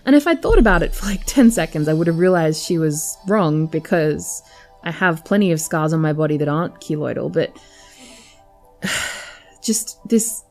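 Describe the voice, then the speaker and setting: A woman's voice: low-pitched, expressive, moderate pace, darkish tone, faint music behind. A young adult woman telling a personal story to camera, candid and chatty with lots of filler words. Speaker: vlogger.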